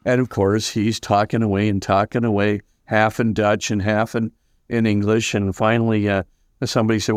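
An older man, a priest as guest, telling stories in an animated way and acting out the voices of the people in them. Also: on the low side, moderate pace, clean tone, no room sound, clean studio sound. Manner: lively, acts out quoted voices, many fillers. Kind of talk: animated anecdotal storytelling.

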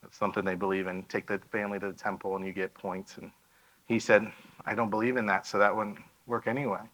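A man's voice: fairly low pitch, little pitch movement, fast, fairly bright tone, low-quality recording. A man giving a missionary presentation in a church, telling a story and acting out the dialogue of the people in it.

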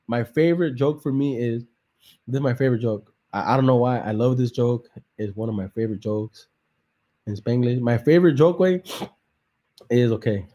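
A young man rattles off a story in a loose, profane way, hopping between English and slang. His voice is mellow and warm, sitting in an ordinary middle pitch. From San Jose, California. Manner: profane, laid-back, switching between English and Spanish slang. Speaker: comedian and podcast host. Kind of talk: casual joke-telling on a live podcast.

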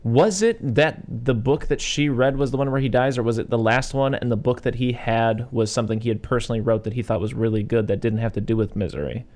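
A man's voice: medium pitch, fast talker, hardly any pauses. A young man casually talking through a movie with a friend, swearing now and then and acting out lines. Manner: relaxed, swears casually, acts out quotes. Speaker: podcast co-host.

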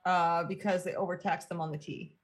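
A woman's voice: on the low side, little pitch movement, fairly quick. A woman answering quiz questions on a radio show, hesitant and stumbling when unsure. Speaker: quiz contestant. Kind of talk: casual quiz banter.

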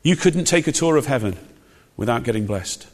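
Preacher, emphatic, in a reverberant hall. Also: male voice, medium pitch, animated, fairly quick, creaky. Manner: emphatic, conversational preaching with rhetorical questions. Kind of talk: sermon.

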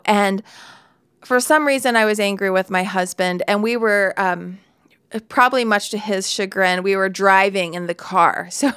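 A woman's voice: mid-range voice, fairly bright tone, smooth, no room sound. A woman in her forties giving a candid devotional Bible talk, telling a personal story with laughs and asides, into a close studio mic.

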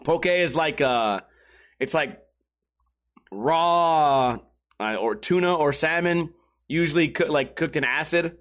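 A man's voice: fairly high pitch, takes it slowly, long pauses, a bit bright. A young man livestreaming, chatting casually to viewers, swearing a lot and laughing at his own jokes. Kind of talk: casual rambling chat to stream viewers.

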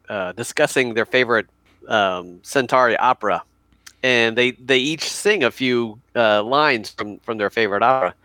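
Co-host type: man, mid pitch, easygoing and hesitant, dry close recording. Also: no room sound. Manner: relaxed, hesitant, halting. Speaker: podcast co-host. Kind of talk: casual chat.

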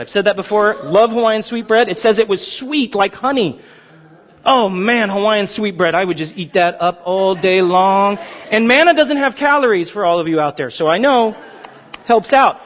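A man preaching a sermon, animated and storytelling, sometimes acting out characters. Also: high voice, moderate pace. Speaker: pastor. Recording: dull sound in a reverberant hall.

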